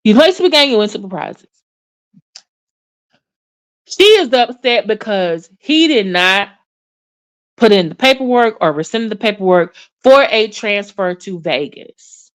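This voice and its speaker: A woman's voice: mid-range voice, a little slow. A woman giving casual, sassy commentary on online drama, acting out what others said and sighing in disbelief. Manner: sassy, animated, acts out quotes with sighs. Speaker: YouTube commentator.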